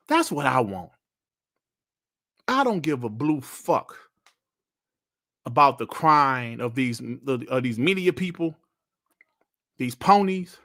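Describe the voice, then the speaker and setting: A man's voice: mid-range voice, a bit bright. A man hosting a casual gaming podcast, ranting bluntly with plenty of slang and swearing. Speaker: podcast host.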